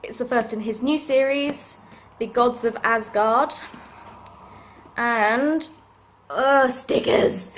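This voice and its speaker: A young woman gushing excitedly as she chats through a book unboxing. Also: on the high side, takes it slowly, long pauses, slight background noise. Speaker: book vlogger. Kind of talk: casual unboxing chat.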